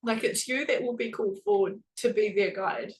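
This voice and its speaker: A woman's voice: mid-range voice, moderate pace, poor audio. A woman hosting a spiritual podcast, telling a personal story in a casual, earnest way and filling her speech with "like.". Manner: chatty, heavy use of "like", earnest and emotional.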